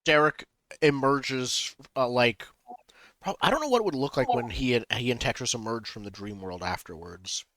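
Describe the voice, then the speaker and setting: A man's voice: mid-range voice, moderate pace, no room sound. A man playing in a tabletop game, describing his character's actions and thinking aloud. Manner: lively, thinking aloud with fillers. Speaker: player. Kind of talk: tabletop role-play chat.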